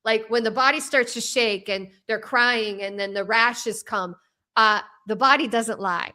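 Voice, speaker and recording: Animated, bright-voiced woman guest. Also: a little high. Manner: animated, fast and rambling with many restarts. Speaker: author and trauma coach as guest. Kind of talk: casual interview talk.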